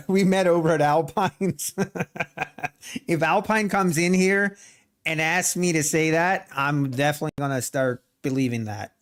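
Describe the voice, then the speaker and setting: A man's voice: fairly high pitch, slow pace, pauses often. Joking Pennsylvania Dutch accented man. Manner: joking, bantering with viewers. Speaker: day trading livestream host. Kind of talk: casual live-stream chat.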